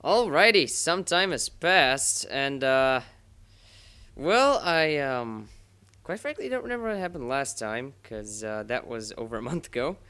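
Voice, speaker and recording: A man's voice: medium pitch, lively intonation, measured pace, sharp tone, smooth. A man giving let's-play commentary over a racing game, rambling and joking at his own expense. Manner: rambling, self-mocking, jokey.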